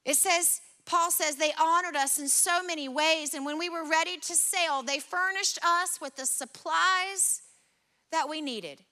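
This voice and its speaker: Woman preacher, very high and bright voice, earnest and conversational. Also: a little slow. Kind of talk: sermon.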